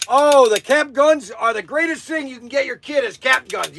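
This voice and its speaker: A man hosting a live stream and pitching toys as an excitable salesman who hollers and laughs. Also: normal speed, few pauses, slight background noise. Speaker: toy shop host.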